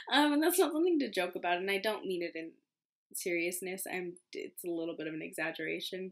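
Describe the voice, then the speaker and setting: A woman in her twenties, a medical student, telling a story casually to the camera in a chatty way full of fillers and self-mocking remarks. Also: fairly low pitch. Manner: chatty, filler-heavy, self-deprecating with frequent laughs. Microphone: camera mic, home recording.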